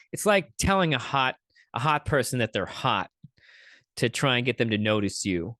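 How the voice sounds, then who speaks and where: Clips get played and picked apart with sarcasm and swearing by a man hosting a podcast in a casual commentary style. His voice is mid-range and a bit bright, and the studio sound is clean, with no echo.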